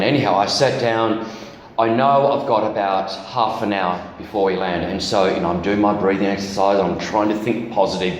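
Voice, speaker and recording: As a guest preacher in a church hall, a man gives a candid testimony, sharing a personal story with self-deprecating humor. His lowish voice moves at a normal speed, and the echoey hall carries slight background noise.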